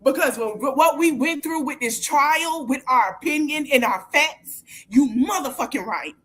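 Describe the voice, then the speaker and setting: A woman podcast host vents in a heated, profane livestream rant. She repeats phrases for emphasis and breaks into shouts. Her voice sits slightly high. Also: expressive, unhurried, few pauses.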